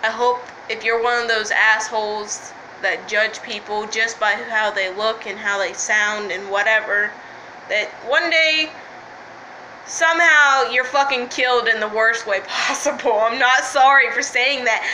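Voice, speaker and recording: Bright-voiced, frustrated woman vlogging. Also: a little high, fairly even intonation, normal speed, slight background noise, poor audio. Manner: frustrated, rambling, swears freely, keeps apologizing. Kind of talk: candid, unscripted vlog monologue.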